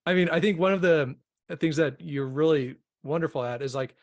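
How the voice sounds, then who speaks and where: A man's voice: on the high side, normal speed, dry recording, studio quality. A man co-hosting a podcast, talking in a chatty, casual way with lots of "like". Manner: chatty, heavy use of "like". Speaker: podcast co-host.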